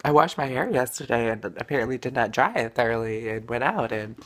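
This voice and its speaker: A woman's voice: a bass voice, animated, a little fast. A woman model vlogging casually, with a blunt, profane, irritated way of talking and a tickle in her throat. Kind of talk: casual daily vlog.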